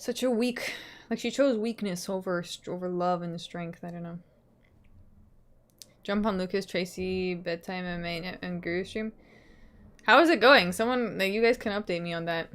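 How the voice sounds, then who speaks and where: Speaking at normal speed in a voice on the low side, a young adult woman livestreamer talks casually with her viewers. She reads out their comments, laughs a lot, and softly trails off at the ends of her thoughts.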